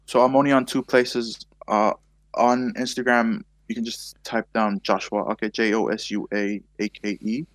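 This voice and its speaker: A man's voice: lowish voice, little pitch movement, normal speed, dry recording. A young man from Tonga, a guest on a podcast, talking casually and hesitantly with frequent fillers. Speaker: podcast guest, filmmaker and photographer. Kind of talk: casual chat.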